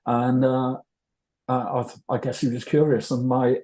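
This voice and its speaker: Older North Welsh man, mellow rambling storyteller. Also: mid-range voice, level tone, a little slow. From North Wales. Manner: rambling, anecdotal, self-deprecating. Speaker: interview guest, illustrator. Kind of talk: casual interview storytelling.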